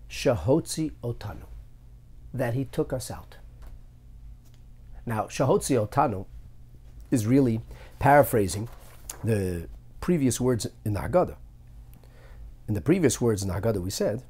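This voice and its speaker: A man's voice: medium pitch, unhurried, long pauses, husky. A man teaching a lesson on the Haggadah, thinking aloud and often hedging. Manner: animated, searching, thinks aloud with frequent hedges. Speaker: Torah teacher.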